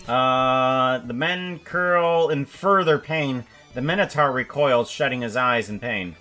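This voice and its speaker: A man's voice: medium pitch, takes it slowly, hardly any pauses, pushed and bright, faint music behind. A man thinking aloud as he plans an animation, musing and correcting himself with many fillers. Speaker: animator planning a script. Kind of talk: thinking aloud while working.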